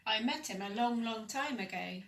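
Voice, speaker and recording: A woman's voice: fairly high pitch, moderate pace, fairly bright tone. A woman voicing a big, wary male monster father who speaks in a solemn, warning tone, in an echoey room. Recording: echoey room, mic at a distance.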